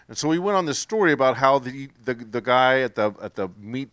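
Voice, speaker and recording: A man's voice: medium pitch, lively intonation, a little fast, a bit bright, no echo. A man sharing his faith testimony with a group, earnest and rambling, often restarting his sentences.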